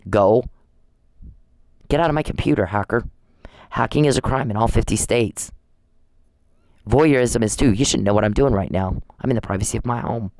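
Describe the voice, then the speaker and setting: A man's voice: fairly low pitch, darkish tone, no room sound, rough recording. A man in an angry, confrontational rant at home, accusing and taunting someone with repeated challenges.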